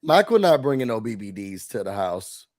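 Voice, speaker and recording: A man co-hosting a casual reality-show recap, nasal from a cold, animated and acting out quotes. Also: lowish voice, normal speed. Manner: animated, acts out quotes with big shouts. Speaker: podcast co-host.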